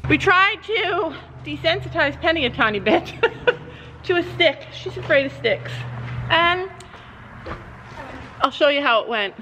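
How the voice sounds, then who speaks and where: Woman vlogger outside with her pony, high voice, slow easy talk, kinda reverby with faint noise. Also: animated, pushed and bright. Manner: coaxing, soothing talk to a nervous pony. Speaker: vlogger with horses. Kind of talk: casual vlog narration.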